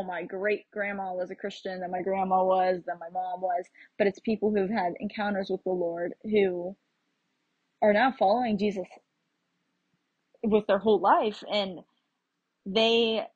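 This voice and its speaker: Young American woman, travel vlogger telling a casual story, slightly husky voice, dry close sound. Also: mid-range voice, darkish tone, dry recording, muffled recording. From United States. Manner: chatty, rambling with fillers and restarts.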